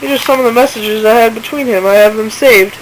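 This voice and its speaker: A woman's voice: fairly high pitch, fast, a little hiss or hum, poor audio. A woman in casual screen-recording commentary who talks informally and indignantly and reads messages aloud. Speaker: channel owner exposing a seller.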